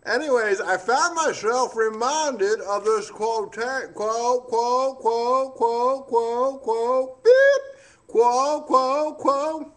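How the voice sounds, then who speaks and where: Man playing a scatterbrained boastful old newsman, comic monologue, high pitch, digressive, stammering. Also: drawn-out words, hardly any pauses, fairly bright tone, full character voice. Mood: rambling. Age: older. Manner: rambling, digressive, loses his place and stammers. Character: rambling old male newspaperman, scatterbrained and boastful. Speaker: comedian doing a tribute impression.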